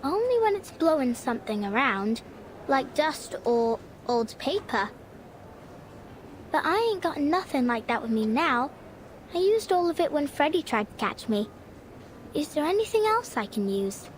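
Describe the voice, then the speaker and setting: An actress playing a curious young street girl, asking quick, wondering questions in game dialogue. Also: high voice, big pitch swings, a little hiss or hum, rough recording. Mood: thoughtful. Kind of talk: video game voice acting.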